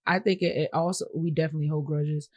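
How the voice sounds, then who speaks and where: A woman with a low voice hosts a casual podcast. She is encouraging and gives quick words of agreement. The sound is dry and close. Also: steady tone, no room sound. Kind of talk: casual conversation.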